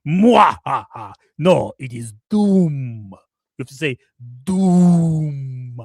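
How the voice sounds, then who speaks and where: A man putting on a slow, deep, theatrical voice as a menacing supervillain with a fake European accent. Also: lively intonation, gravelly, a little mellow, dry recording, clean studio sound, heavily acted. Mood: gloating. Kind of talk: comedic impression on a livestream.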